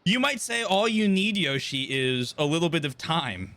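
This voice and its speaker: A man's voice: on the high side, moderate pace. A man in his twenties chatting casually on a live game stream, telling stories with lots of swearing and laughter. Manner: animated storyteller, swears and laughs often.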